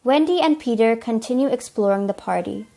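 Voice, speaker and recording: A woman's voice: fairly high pitch, expressive, brisk, creaky, warm tone. A teenage girl reading plain storybook narration for a school play. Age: teens.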